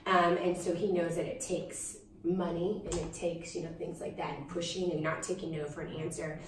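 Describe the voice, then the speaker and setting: A woman's voice: fairly low pitch, moderate pace, slight background noise. A young adult woman, a singer-songwriter, chatting casually in an interview with lots of fillers. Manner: chatty, animated, frequent fillers. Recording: roomy, distant mic with faint ambience.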